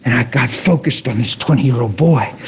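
A man preaching a sermon, telling stories dramatically, sinking to a whisper and then rising to excited peaks. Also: mid-range voice, moderate pace, vocal fry, slightly rough.

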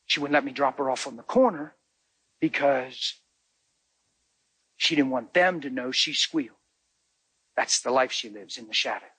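Emotional, husky-voiced male pastor. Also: medium pitch, normal speed, long pauses, no room sound, rough recording. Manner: emotional, conversational, dramatic shifts between hushed and loud. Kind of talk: storytelling sermon.

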